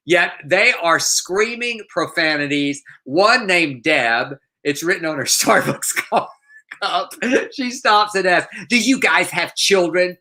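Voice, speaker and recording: A man co-hosting a casual news chat show, telling stories in an animated way and laughing as he goes. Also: on the high side. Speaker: co-host.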